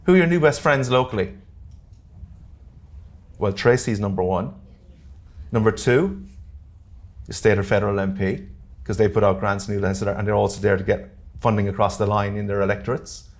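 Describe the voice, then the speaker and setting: A man with an Irish accent presenting a live workshop to a room, talking quickly and jokily and often checking in with "okay?" and "all right?". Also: on the low side, gravelly. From Ireland. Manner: fast-talking, jokey, keeps checking in with the audience. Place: community centre meeting room.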